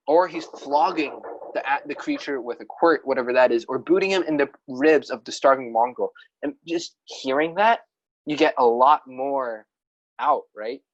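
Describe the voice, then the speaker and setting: Chatty podcast cohost rambling about writing, restarts a lot, kinda muffled lo-fi audio. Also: medium pitch. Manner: rambling, restarts sentences, laughs at self. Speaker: podcast co-host. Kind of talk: casual chat about writing.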